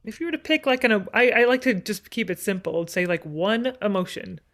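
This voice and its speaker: A woman's voice: medium pitch, lively intonation, brisk, fairly bright tone. A woman voice teacher coaching a singer in a masterclass, encouraging and demonstrative, now and then speaking the text with dramatic phrasing.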